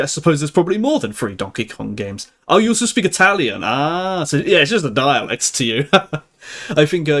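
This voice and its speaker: Lively, chatty young man streaming. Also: on the high side. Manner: chatty, laughs often, halting restarts. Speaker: livestream host. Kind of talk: casual live-stream chat.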